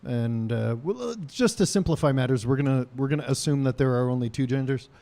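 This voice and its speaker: A man's voice: mid-range voice, fairly quick, gravelly, mellow. A man hosting a casual podcast, telling a rambling story full of ums and uhs with dry jokes. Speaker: podcast host.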